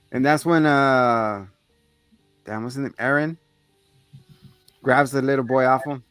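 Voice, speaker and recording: A man's voice: medium pitch, moderate pace, pauses often, a bit bright, clear, resonant tone, no echo, soft background music. A man hosting a podcast, casually recapping a movie scene by scene, swearing freely and acting out the characters' lines in a raised voice. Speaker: podcast co-host.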